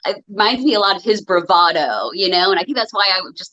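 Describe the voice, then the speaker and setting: A woman's voice: medium pitch, animated, fast talker, bright, forceful tone, dull audio. A woman co-hosting a podcast, chatting casually and rambling with lots of fillers and restarts. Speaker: podcast co-host. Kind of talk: casual chat.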